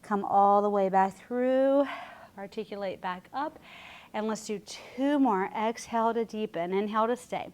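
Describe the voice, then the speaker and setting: A woman instructing a Pilates class, calmly cueing breaths while she demonstrates the moves. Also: medium pitch, a little slow, clear, resonant tone. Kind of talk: guided exercise instruction.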